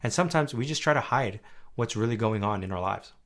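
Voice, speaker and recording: A young man hosting a faith podcast, talking earnestly and conversationally, dropping soft and low at times and then rising loud and high when stirred. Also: expressive, fairly quick. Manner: earnest, conversational, often asks "right?". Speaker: podcast host. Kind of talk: faith-based personal podcast talk.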